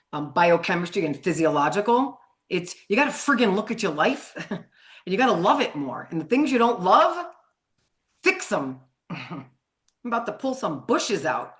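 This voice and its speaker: A woman's voice: fairly low pitch, animated, moderate pace, a bit bright. A middle-aged woman coaching on sugar addiction in a live online training, chatty and frank, swearing casually and laughing often.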